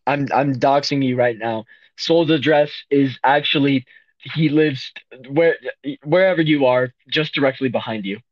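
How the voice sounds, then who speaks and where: A young man co-hosting a casual podcast, joking in a mock-gloomy, deadpan way. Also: medium pitch, measured pace, no room sound, dull audio. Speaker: podcast co-host.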